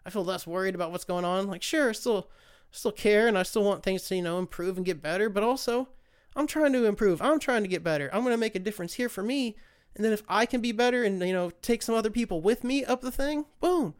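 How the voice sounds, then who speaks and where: A man's voice: high-pitched, quick pace, clean tone. An American man hosting his own podcast, talking in a rambling, profane, fired-up rant. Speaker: podcast host. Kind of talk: casual solo rant.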